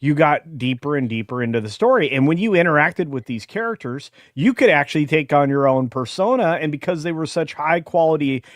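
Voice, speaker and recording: A man's voice: fairly high pitch, lively intonation, a little fast, hardly any pauses, dry recording, clean studio sound. A man chatting on a podcast panel, enthusiastic and full of restarts. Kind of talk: casual podcast chat.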